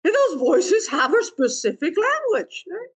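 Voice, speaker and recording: A woman's voice: extremely high pitch, very animated, measured pace. A woman giving a dharma talk, playful, laughing often and asking questions of her listeners. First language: Vietnamese. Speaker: meditation teacher and therapist.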